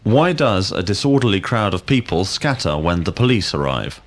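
A male language teacher, asking drill questions slowly and clearly. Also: low-pitched, very animated. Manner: slow, deliberate, clearly enunciated questions. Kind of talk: scripted drill lesson.

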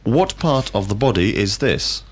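A male language teacher with a deep voice leads a scripted vocabulary drill, asking each question clearly and deliberately. His delivery is sing-song, with pitch swooping up and down widely.

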